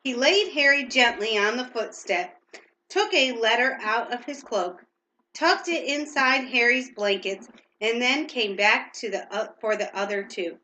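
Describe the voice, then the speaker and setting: A woman's voice: a little high, lively intonation, a little slow, bright, forceful tone, reverberant, low-quality recording. Woman reading a storybook aloud at home. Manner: reads steadily, stops to ask questions. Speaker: parent reading to a child.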